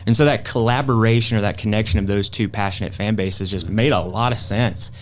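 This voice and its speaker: A man's voice: lowish voice, brisk. A man from Greenville, South Carolina, a guest on an interview, telling stories in a chatty way with some ums. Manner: chatty storyteller, frequent um and uh. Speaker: guest, bourbon society president. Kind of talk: interview conversation.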